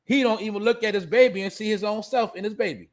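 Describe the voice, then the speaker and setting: A man's voice: sits high, quick pace. A man hosting a show, giving blunt, profane, preachy commentary. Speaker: show host. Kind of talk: casual commentary monologue.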